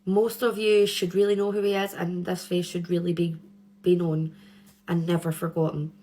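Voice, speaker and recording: A woman's voice: on the low side, level tone, normal speed, mellow. Chatty young woman telling a crime story. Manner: chatty, rambling, with nervous giggles. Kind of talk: casual true crime chat.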